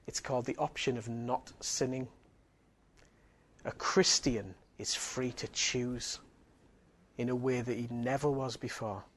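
A man's voice: medium pitch, fairly even intonation, unhurried. Earnest preacher man. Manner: emphatic, earnest preaching with repeated phrases. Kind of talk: sermon.

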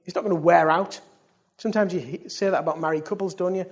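A man preaching to his congregation with a fairly high voice. He swings from loud, rising calls to quiet, hushed asides, and he keeps throwing questions out to the room. The delivery is lively and direct. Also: quick pace. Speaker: pastor. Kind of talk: sermon. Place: church service.

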